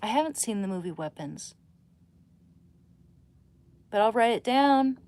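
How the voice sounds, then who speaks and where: On a late-night livestream from home, a young adult woman talks casually into her phone, rambling playfully and frequently whispering so she won't wake her family. She speaks at a measured pace in a fairly high, expressive voice.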